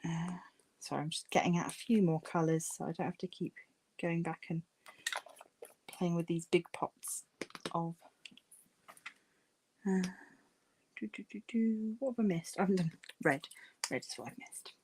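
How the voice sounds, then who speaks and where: A woman's voice: fairly low pitch, normal speed, long pauses, a little mellow, a little hiss or hum. A woman hosting a crafting livestream, chatting casually with many fillers while she paints and murmurs to herself.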